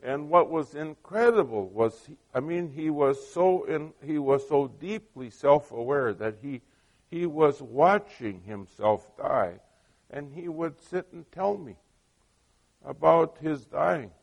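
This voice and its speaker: Middle-aged male pastor, unhurried delivery, chatty storytelling sermon that keeps checking in with the congregation. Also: on the high side, animated, vocal fry, a little mellow. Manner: conversational storytelling with many asides; asks the listeners questions.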